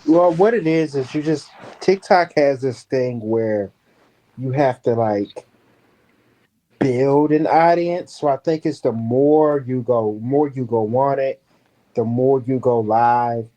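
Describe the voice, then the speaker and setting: A man's voice: medium pitch, takes it slowly, mellow. A man joining a live show by phone, explaining things in an easygoing, rambling way. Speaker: guest panelist. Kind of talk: casual chat over a call.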